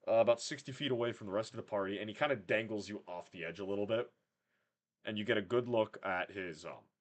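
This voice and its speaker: A man's voice: on the low side, fast talker. A man running a tabletop game as game master, joking, self-deprecating and profane. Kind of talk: casual livestream narration of a tabletop game.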